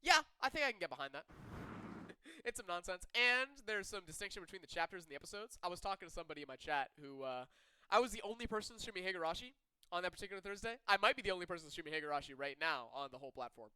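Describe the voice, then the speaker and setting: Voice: mid-range voice, animated, rapid-fire, pushed and bright, smooth. A streamer casually reading a visual novel aloud and commenting on it, swearing freely, with game music behind. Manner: casual, profane, chatty.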